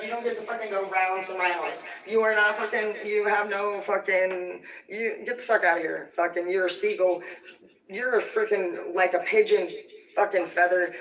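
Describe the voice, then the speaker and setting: A woman rants on a livestream, foul-mouthed and heated, jumping from one grievance to the next. Her voice sits at a middling pitch. She is heard from some distance, with the echo of the room around her. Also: a bit bright. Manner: heated, vulgar, rambling. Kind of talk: profane angry rant on a livestream. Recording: echoey room, distant from the mic.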